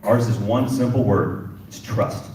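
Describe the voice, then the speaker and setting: A man's voice: lowish voice, a little slow, noisy background. A middle-aged man, a police chief, giving a passionate speech at a community symposium, repeating phrases for emphasis. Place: event hall indoors. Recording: echoey room with distant mic.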